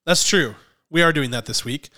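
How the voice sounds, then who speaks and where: A man's voice: fairly high pitch, normal speed, bright, forceful tone. A man hosting a movie podcast in casual chat, rambling with lots of fillers. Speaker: podcast host.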